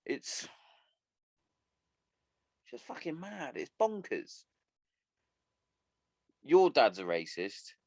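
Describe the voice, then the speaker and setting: A man's voice: mid-range voice, wildly swooping pitch, extremely slow, pauses often, no echo, studio quality. A man hosting a solo podcast, ranting bluntly and swearing a lot. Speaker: podcast host.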